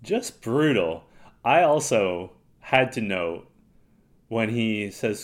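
A man's voice: lowish voice, lively intonation, slow pace. A man co-hosting a podcast, talking bluntly and emphatically in casual chat. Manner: blunt, laughs often, emphatic. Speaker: podcast co-host.

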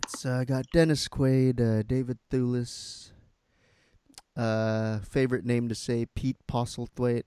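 A man co-hosting a podcast in relaxed, casual chat, laughing often. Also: mid-range voice, clean tone. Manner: laid-back, drawn-out, laughs often. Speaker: podcast co-host.

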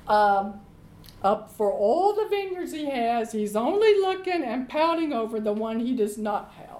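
A woman preacher retelling a story in a sermon, lively and acting out each quote. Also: sits high, roomy sound, low-quality recording.

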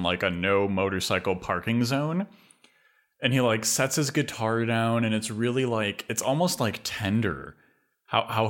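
Low-voiced dude rambling about movies on a podcast, tons of likes and ums. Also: male voice, a bit bright. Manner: rambling, full of filler words and restarts. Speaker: podcast co-host. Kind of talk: casual film discussion.

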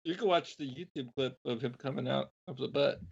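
A man's voice: medium pitch, fairly quick, vocal fry, slightly rough, dull audio. A man co-hosting a podcast, dropping dry jokey asides in casual comedic chat. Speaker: podcast co-host.

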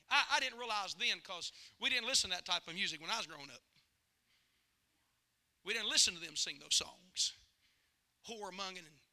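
A man preaching a revival sermon in a church, moving from quiet storytelling to shouted, fervent appeals. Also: high-pitched. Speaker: guest preacher. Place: church sanctuary.

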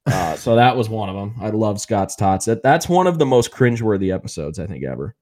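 With a mellow, lowish voice, lively intonation and a slightly fast pace, this podcast co-host wanders through beloved TV episodes in casual conversation. He performs the characters' quotes and fills his talk with fillers.

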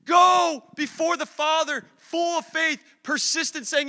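A male pastor preaches with fervent, conversational energy, hammering points through repetition. His voice sits very high and bright, and it rings out with the long reverb of a church hall. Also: lively intonation, measured pace, few pauses. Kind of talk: sermon. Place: church sanctuary.

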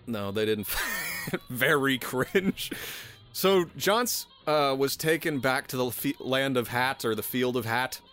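A man's voice: medium pitch, expressive, slow pace, a bit bright. Laughing sarcastic man telling a story. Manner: sarcastic, laughing, swears, restarts. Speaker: podcast host telling a history story. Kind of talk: casual chat.

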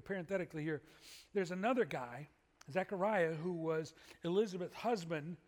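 A man preaches a sermon in a relaxed, conversational way. He swings between loud animated bursts and quiet earnest asides. His voice sits a little high and rings out in a big reverberant hall. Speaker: pastor.

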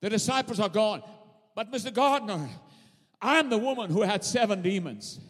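A man's voice: high-pitched, expressive, moderate pace, a bit bright, slightly rough, full character voice. A man voicing a grieving woman who stammers and pleads urgently with a gardener. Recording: long hall reverb.

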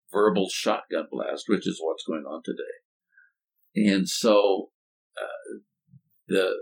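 A deep-voiced older man with a gravelly, creaky edge talks through ideas in a conversational, storytelling way. He often doubles back on his words and drops in homespun phrases. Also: poor audio. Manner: thoughtful, halting restarts, folksy turns of phrase. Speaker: former college president and speaker.

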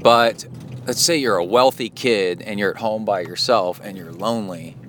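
A man's voice: on the low side, moderate pace, a bit bright. A man hosting a podcast, talking alone in a casual, rambling, reflective way, recorded in a car. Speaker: podcast host. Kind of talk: casual solo talk. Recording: road noise from a car.

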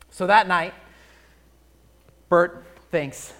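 A male pastor delivers a sermon at a slow, deliberate pace. He tells a story with it, swinging from loud, emphatic points to a near-hush and stretching out the phrases he wants to land. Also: sits high, lively intonation.

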